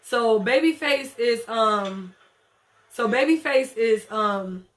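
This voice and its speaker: A woman's voice: on the high side, takes it slowly, a bit bright. A woman recapping a TV episode in casual chat, blunt and profane, talking back to the characters as she goes. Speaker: TV show reviewer.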